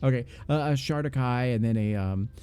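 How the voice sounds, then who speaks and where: A man's voice: medium pitch, a little fast, a little mellow, smooth, faint music behind, lightly acted. A man voicing a tall, nervous, overly polite male elf who stammers and keeps apologizing. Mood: apologetic.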